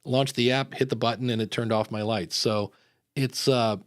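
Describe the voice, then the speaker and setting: A man's voice: medium pitch, steady tone, moderate pace, smooth, no echo, clean studio sound. Upbeat rambling male podcast host. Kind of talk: casual live chat.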